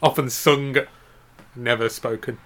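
A man's voice: medium pitch, fairly even intonation, measured pace, a bit bright. A man chatting casually on a podcast, joking, giggling and rambling through wordplay. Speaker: podcast co-host. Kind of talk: casual comedic chat.

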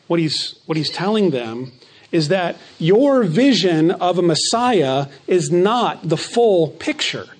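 A man preaching a sermon, stressing key phrases by slowing down and dropping to a quieter voice. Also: on the high side. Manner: emphatic preaching, slows on key phrases and drops softer. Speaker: pastor.

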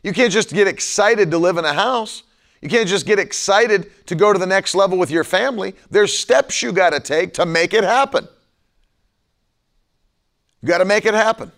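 A man's voice: high-pitched, normal speed, a bit bright. A man preaching on a live broadcast, repeating phrases for emphasis and stretching key words. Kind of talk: sermon.

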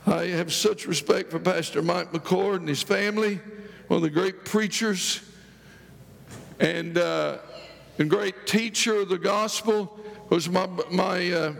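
High, gravelly-voiced preacher in a big hall. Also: male voice, fairly even intonation, a little slow, fairly bright tone. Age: older. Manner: joking, rambling storytelling with many restarts. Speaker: guest preacher. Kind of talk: sermon. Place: church sanctuary.

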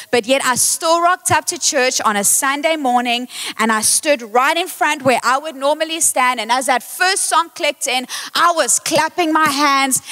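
A high-voiced woman gives a lively sermon in a big church, talking into a handheld mic. She is excitable and quick to poke fun at herself. Her words ring out with the long reverb of the hall. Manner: excitable, playful and self-mocking. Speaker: worship leader preaching. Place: church auditorium, live service.

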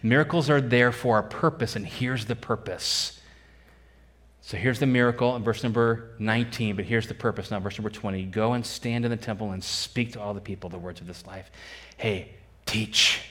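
A man's voice: fairly low pitch, a little fast. A man preaching a sermon as a pastor, emphatic and repeating key phrases, putting questions to his congregation.

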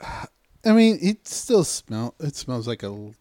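A man co-hosting a podcast, telling a story in casual chat, repeating himself and trailing off into a low mutter. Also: very animated, takes it slowly, mellow, no echo.

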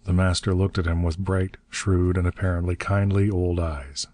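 A man narrating an adventure novel in a steady, measured audiobook reading. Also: low voice.

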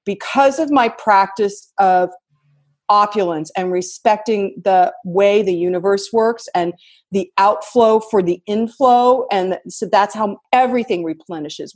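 A woman in her fifties, a podcast guest telling stories in an animated, giggly, expressive way. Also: medium pitch, measured pace. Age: 50s. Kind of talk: casual podcast conversation.

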